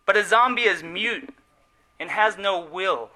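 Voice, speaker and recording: A man preaching a sermon in an earnest, emphatic way, slowing on key words and letting phrase endings fall soft. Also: high voice, low-quality recording.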